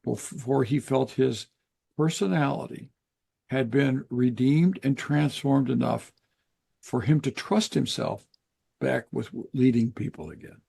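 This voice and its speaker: An older man, a guest author in an interview, explaining in an earnest, measured way with pauses. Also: mid-range voice, vocal fry, dark tone, breathy edge. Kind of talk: interview conversation.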